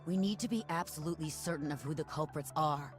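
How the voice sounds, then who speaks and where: A woman's voice: deep voice, fast talker, lightly acted. A woman voicing a level-headed, firm commander in a game. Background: game music.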